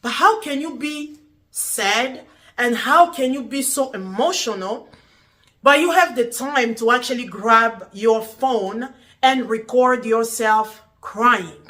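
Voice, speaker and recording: A woman in middle age records a casual talk to camera. Her voice sits a touch high and sounds bright and clear. She talks earnestly and repeats herself while she puzzles things out. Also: slow pace. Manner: earnest, repetitive, puzzled questioning. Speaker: vlogger. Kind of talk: casual talking-to-camera vlog.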